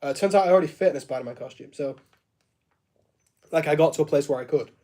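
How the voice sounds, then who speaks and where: A man with a fairly high voice chats loosely on a live stream, reading out and answering viewers as he goes. He jokes and laughs a lot, and his sentences wander with plenty of "like" fillers. He sounds like he is talking from a home studio room. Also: fast talker, warm tone. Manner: chatty and joking, laughs often, many fillers like "like".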